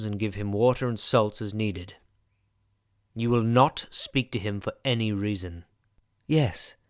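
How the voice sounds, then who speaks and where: A man doing a stern, brooding gentleman. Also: lowish voice, dry recording, studio quality, close to an everyday voice. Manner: commanding, curt.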